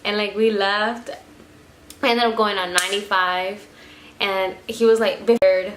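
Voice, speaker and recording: Young woman, casual storytime, lively retelling with cursing, echoey room, faint noise. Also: medium pitch, measured pace. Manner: swears freely, animated retelling with acted quotes. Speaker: vlogger.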